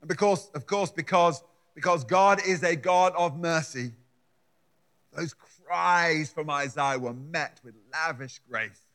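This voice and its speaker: Slow, emphatic higher-voiced preacher man. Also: fairly bright tone. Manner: emphatic, repeats words as he builds a point. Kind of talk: sermon with scripture reading.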